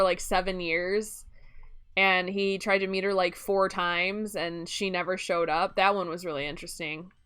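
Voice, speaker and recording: Young midwestern woman streaming a game, smooth clear voice, rambly chatty, laughs a lot. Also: medium pitch, a bit bright. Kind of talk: casual chat while streaming gameplay.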